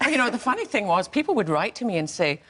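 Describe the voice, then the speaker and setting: A woman's voice: medium pitch, big pitch swings, fast talker, fairly bright tone. A woman with a Scottish accent, a former co-host, chatting playfully and laughing as she shares memories. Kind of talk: casual reminiscing chat.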